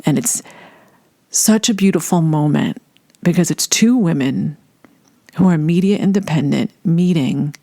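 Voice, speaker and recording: Gravelly-voiced woman telling a story. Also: low-pitched, no echo. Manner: animated, laughing storyteller. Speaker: storyteller recalling a first meeting. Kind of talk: personal storytelling monologue.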